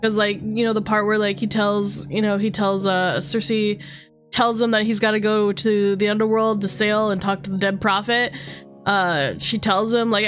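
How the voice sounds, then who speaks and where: A woman's voice: medium pitch, fairly even intonation, moderate pace, faint music behind. A young woman from Canada chatting casually on a livestream, rambling with lots of fillers and swearing freely. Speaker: streamer.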